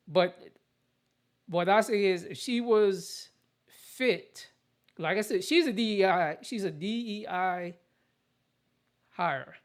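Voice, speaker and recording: A show host giving casual political commentary in a blunt, opinionated rant, often restarting sentences. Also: mid-range voice.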